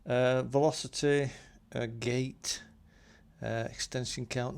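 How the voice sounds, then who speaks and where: A man casually walking through his synth module's settings, thinking aloud with plenty of ums and pauses. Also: medium pitch, fairly even intonation, gravelly. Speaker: synth hobbyist demonstrating gear. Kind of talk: casual tutorial walkthrough.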